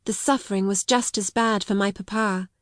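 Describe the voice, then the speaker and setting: A woman reading the part of a quiet, sad young orphan girl in an audiobook, steady and unrelenting. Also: mid-range voice, normal speed, dry recording, studio quality, lightly acted.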